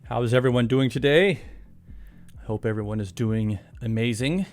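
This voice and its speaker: A man's voice: mid-range voice, normal speed, a little mellow. A man chatting casually on his live stream. He laughs often and pokes fun at himself, with faint music behind him. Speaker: live streamer and course author. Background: faint background music.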